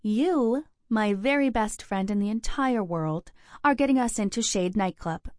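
A woman's voice: mid-range voice, lively intonation, measured pace, a little mellow, dry recording, studio quality, lightly acted. A woman reading the part of a playful young woman in her twenties, a teasing best friend who talks in an upbeat, sing-song way. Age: 20s.

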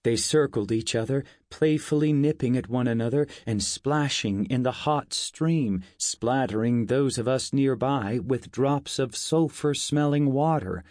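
A man narrating a first-person fantasy story in a measured, unhurried audiobook reading. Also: medium pitch, darkish tone, dry recording, clean studio sound.

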